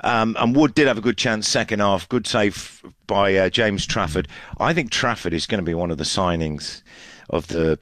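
A man's voice: fairly low pitch, moderate pace, a bit bright, no echo, clean studio sound. A man talking through last night's football results as a reporter, chatty and full of fillers and restarts. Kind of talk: casual match analysis on radio.

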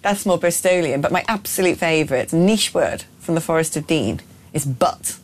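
A woman from the West Country with a West Country accent, co-hosting a radio talk show in playful, animated chat. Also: deep voice, normal speed. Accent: West Country English. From West Country of England. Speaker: radio co-host.

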